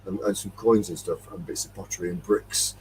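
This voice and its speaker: A man's voice: low voice, fairly even intonation, a little fast, darkish tone, recorded from a distance, a little hiss or hum, low-quality recording. A man from Derbyshire with a Midlands accent, hosting a casual chat, rambling through a story and acting out the dialogue after a few beers. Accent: English Midlands. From Derbyshire, England. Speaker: metal detecting chat host.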